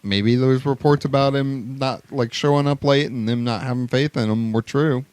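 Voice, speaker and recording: A male podcast co-host trades dry, teasing banter in casual chat. His voice sits at a middle pitch and is recorded close in a dry room. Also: moderate pace, darkish tone, smooth, no echo.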